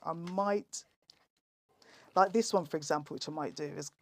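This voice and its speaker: A woman performing comic rhyming poems in a lively, theatrical way. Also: low voice, normal speed. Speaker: comic poet guest.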